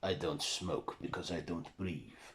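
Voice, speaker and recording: A man voicing an old, proud vampire count with a Romanian accent, speaking slowly, formal and aloof. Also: low-pitched, a bit bright.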